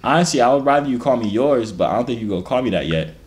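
A man's voice: mid-range voice, lively intonation, rapid-fire. A man in his twenties making teasing, slangy small talk with strangers on a video chat app. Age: 20s. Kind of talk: casual flirty banter. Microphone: computer or phone mic, video call.

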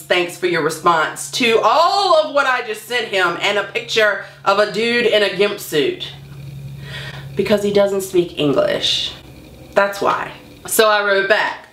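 A woman's voice: medium pitch, lively intonation, measured pace, fairly bright tone. A woman vlogger telling a story in a casual, sarcastic way, laughing and sounding incredulous. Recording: echoey room.

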